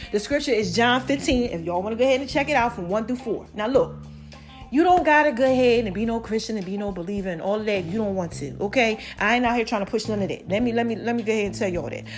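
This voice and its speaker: Chatty woman hosting a podcast. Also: a little high. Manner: chatty, lively, addresses listeners directly with "child" and "y'all". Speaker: podcast host. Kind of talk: casual solo podcast monologue.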